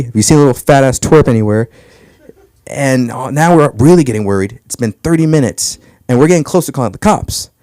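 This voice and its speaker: A man's voice: on the high side, warm tone, dry recording, studio quality. A young man telling crude, brash stand-up stories about his family on a comedy club stage. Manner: brash storytelling, crude punchlines.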